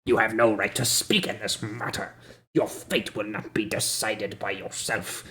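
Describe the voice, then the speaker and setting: A man voicing a loud, zealous guard captain in a tabletop game, booming and commanding. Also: steady tone, a little slow. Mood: scornful.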